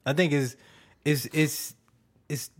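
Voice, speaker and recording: A man hosting a podcast in casual chat, hesitant and pausing to find his words. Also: a little high, fairly even intonation, breathy edge. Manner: hesitant, restarts a lot. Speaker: podcast host.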